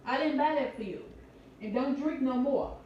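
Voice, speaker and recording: A woman with a high voice scolds from across a house and barks out orders. She sounds far from the mic, bouncing off the walls. The sound is dull and muffled, with faint noise behind it. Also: normal speed. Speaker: family member at home. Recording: distant, echoey, dull.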